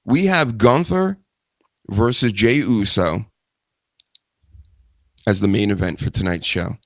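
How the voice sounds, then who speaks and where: A man's voice: on the low side, slow, dry recording. A man hosting a live wrestling news show, talking in a rambling, joking way with self-mocking asides. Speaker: host.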